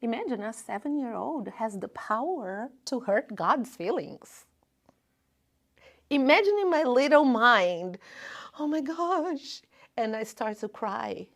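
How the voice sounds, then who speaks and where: A woman in her fifties giving an informal spiritual talk at a spiritist center, with personal stories and gentle humor. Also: on the high side, expressive, a little slow, creaky. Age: 50s. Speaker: spiritist lecturer. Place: lecture room at a spiritist center.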